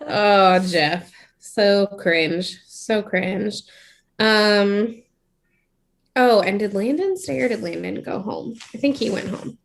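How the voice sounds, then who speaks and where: A woman's voice: medium pitch, slow, creaky. A woman co-hosting a podcast, chatting casually and gossiping with a friend, laughing often. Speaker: podcast co-host. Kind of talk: casual chat.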